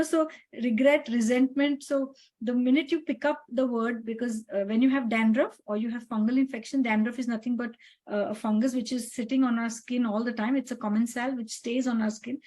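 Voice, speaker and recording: Chatty woman doctor, warm mellow voice. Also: fairly high pitch, rough recording. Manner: chatty, many fillers and quoted dialogue. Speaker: dermatologist. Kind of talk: casual storytelling about patients.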